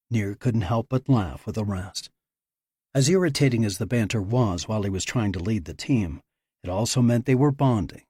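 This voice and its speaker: A man reading an audiobook in measured, scripted narration on a close mic. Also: lowish voice, lively intonation, mellow, breathy edge, dry recording.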